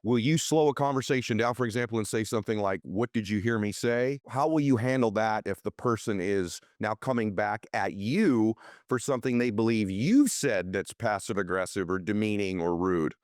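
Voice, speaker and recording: A man's voice: fairly low pitch, normal speed, few pauses, darkish tone, no room sound, clean studio sound. A man hosting a podcast, asking his guest questions and speaking to his listeners with candid enthusiasm. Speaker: podcast host. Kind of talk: interview questions and commentary.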